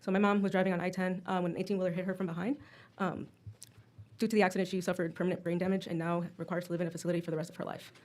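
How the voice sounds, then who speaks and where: A woman's voice: fairly low pitch, darkish tone. A woman from Texas, testifying at a hearing, hesitant and emotional, with many ums and restarts. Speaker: witness testifying at a legislative hearing. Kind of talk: public testimony.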